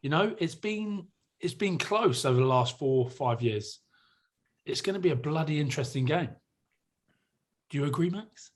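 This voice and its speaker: A man's voice: a little high, expressive, normal speed, pauses often. A young man co-hosting a rugby podcast, chatting casually, laughing often and swearing freely. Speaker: podcast co-host, rugby player. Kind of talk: casual chat.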